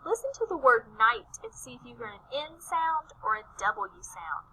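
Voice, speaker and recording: A woman with a high, bright voice leads young children through a phonics lesson. She speaks in a slow, sing-song way and draws out each letter sound. She stays gentle and encouraging, posing questions and then answering them herself. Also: big pitch swings, slightly rough, rough recording. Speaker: teacher.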